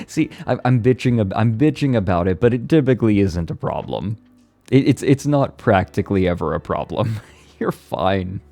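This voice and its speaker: A man's voice: fairly low pitch, mellow. A male streamer in casual live chat, rambling with lots of fillers, swearing freely and laughing often.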